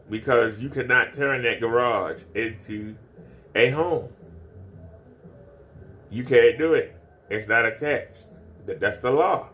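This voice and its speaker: Guy ranting on his stream, mocking, keeps repeating himself, aave, mid-pitched voice. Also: normal speed, long pauses, fairly bright tone. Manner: repetitive, mocking. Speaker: commentary streamer. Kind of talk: ranting commentary.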